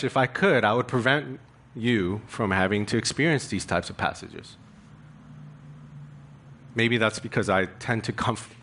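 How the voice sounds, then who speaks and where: A man's voice: medium pitch, fairly bright tone. A male pastor preaching a sermon in an earnest, confessional way, building emphasis through rhetorical questions.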